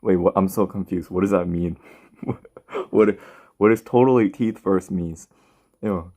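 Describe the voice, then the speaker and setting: A man's voice: sits low, unhurried, warm tone. A man chatting casually on a live stream while reading chat, rambling with lots of fillers. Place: home, in bed.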